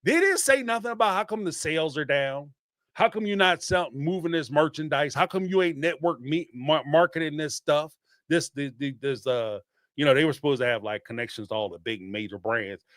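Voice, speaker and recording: A man, hosting a podcast and ranting in an animated, emphatic way, with some swearing and repeated phrases. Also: a little high, brisk, no room sound, studio quality. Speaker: podcast host. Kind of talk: casual commentary rant.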